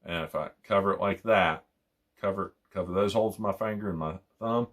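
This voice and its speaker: A young man with a fairly low voice talks through hunting calls in a loose, rambling way. He repeats phrases and circles back as he demonstrates each call. The delivery is a casual how-to, not polished narration. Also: a little fast, fairly bright tone. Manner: rambling, repeats phrases, imitates owl hoots.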